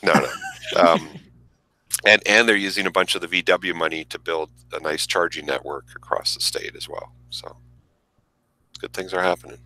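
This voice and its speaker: A man on a podcast panel, explaining things in a relaxed, casual way. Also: low voice, moderate pace, rough recording.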